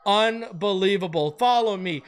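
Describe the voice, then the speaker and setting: A man hosting a live sports draft reaction stream, excitedly repeating phrases and hyping each pick. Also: high-pitched, a little slow. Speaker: host of a sports fan channel.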